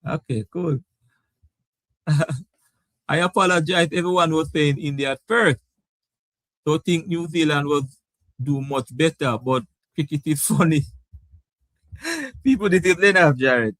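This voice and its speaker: A man's voice: fairly high pitch, slow pace, pauses often, fairly bright tone, no echo. A man hosting a casual live sports talk stream. He laughs often and reads out viewer comments. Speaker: sports talk show host.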